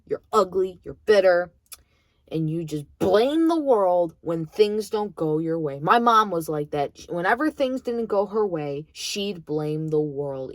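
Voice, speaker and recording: A woman's voice: lowish voice, a little mellow, no room sound. A young adult woman venting in a casual monologue, blunt and heated, swearing freely. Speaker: vlogger.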